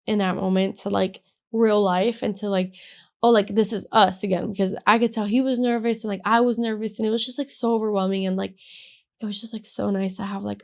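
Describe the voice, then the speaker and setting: Chatty young woman, full of "like". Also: mid-range voice. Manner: gushing, filler-heavy, says "like" constantly. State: emotional, has a headache. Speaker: podcast host. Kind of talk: casual storytime chat.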